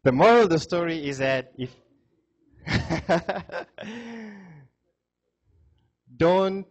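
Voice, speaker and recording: A man's voice: on the high side, slow. Conversational male lecturer. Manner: conversational, many fillers, repeats himself. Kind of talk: classroom lecture with storytelling.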